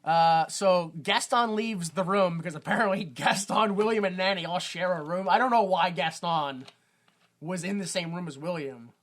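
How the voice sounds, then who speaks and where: A man's voice: high voice, moderate pace, fairly bright tone. Rambling male podcast co-host. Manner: rambling, laughs at own retelling. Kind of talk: casual chat recapping a film.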